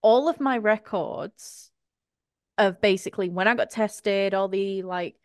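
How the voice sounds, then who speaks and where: A woman's voice: mid-range voice, measured pace, clear, resonant tone, no echo, studio quality. Chatty British woman hosting a podcast. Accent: British English. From England. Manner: chatty, giggly, reads from notes. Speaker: podcast host. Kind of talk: casual group chat.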